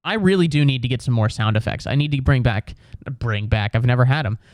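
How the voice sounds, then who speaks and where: Young adult man, comedy podcast host, rambling, profane, self-mocking, middle pitch, dry close mic. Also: quick pace, no echo. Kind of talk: solo comedy podcast monologue.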